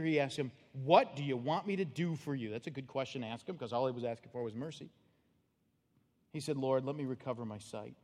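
A man preaching a sermon as pastor, animated and acting out the voices and cries of the story. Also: mid-range voice, big-room sound.

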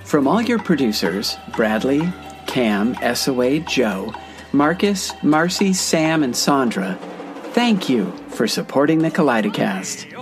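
A man's voice: medium pitch, sing-song, over music. Earnest man reading a podcast appeal. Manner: earnest, measured, spells things out. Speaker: podcast host. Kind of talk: scripted sponsor appeal.

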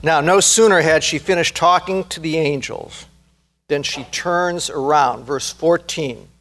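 High-voiced fervent male preacher. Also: fairly bright tone. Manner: earnest, rising to fervent emphasis, slows to stress key words. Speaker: pastor. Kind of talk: sermon.

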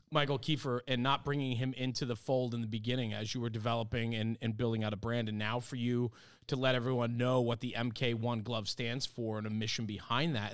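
A man's voice: medium pitch, smooth. A man hosting a podcast interview, summing up his guests' points in a reflective, affirming way. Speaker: podcast host. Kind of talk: casual interview.

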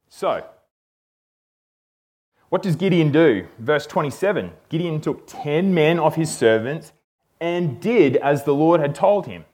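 A man teaching a Bible passage in a relaxed, conversational way, often checking in with "okay?". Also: fairly high pitch, slightly rough. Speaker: preacher.

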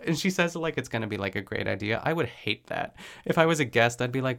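A man recaps a cooking show in a loose, chatty podcast style. His voice has a gravelly edge and sits at an ordinary pitch. He rambles and fills gaps with "like" and quick laughs. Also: lively intonation, fairly bright tone. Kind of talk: casual chat.

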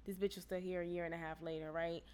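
A woman telling a story in casual chat, profane and animated, often rising to loud indignation. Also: lowish voice, fast, clean tone.

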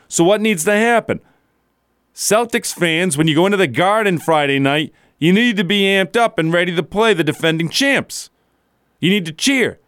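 A man's voice: on the high side, a bit bright, clear, resonant tone, dry recording, studio quality. A man hosting a sports talk radio show, delivering a blunt, opinionated monologue and chuckling as he goes. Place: radio studio.

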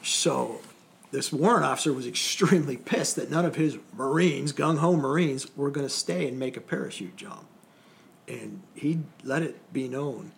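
A man with a gravelly, fry-edged voice talks through an old training story in a loose, conversational way. His delivery is wry and meandering, and his phrases often fade into a murmur. His pitch sits at an ordinary middle level. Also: normal speed, slight background noise. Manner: rambling, wry, trails off quietly at phrase ends. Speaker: Coast Guard veteran telling his story. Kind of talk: casual anecdotal storytelling.

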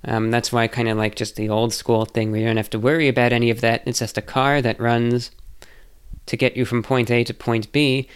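A man's voice: medium pitch, level tone, a little fast, smooth. A man answering viewer questions in a casual, rambling monologue, hesitant and self-reflective.

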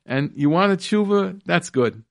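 A man's voice: high-pitched, expressive, a little slow, vocal fry, dry recording. A man hosting a radio talk show, reading a piece aloud and breaking off with laughing asides. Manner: warm laughing asides between read passages.

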